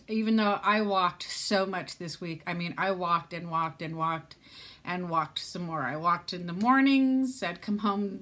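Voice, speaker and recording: A woman's voice: mid-range voice, bright, forceful tone. Chatty older woman vlogging from home. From Southern California. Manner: chatty, rambling, self-mocking. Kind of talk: casual chat to camera. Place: at home, seated. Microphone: phone or camera.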